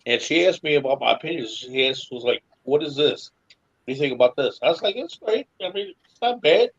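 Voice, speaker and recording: A man's voice: a little high, animated, fairly quick, husky, dull audio. A man co-hosting a casual podcast chat, telling a long, rambling story with lots of restarts. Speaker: podcast co-host.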